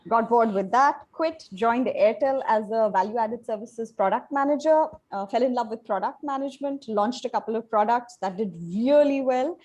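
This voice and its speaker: A woman's voice: a little high, darkish tone, poor audio. Candid woman entrepreneur. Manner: candid, brisk storytelling. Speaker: panel guest, entrepreneur. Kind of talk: panel discussion.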